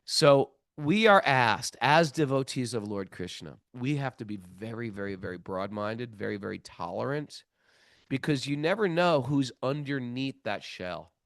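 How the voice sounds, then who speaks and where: A middle-aged man hosting a spiritual podcast, telling a story in a lively casual way, acting out the other people's lines and laughing often. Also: mid-range voice, moderate pace, no echo, studio quality. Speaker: podcast host.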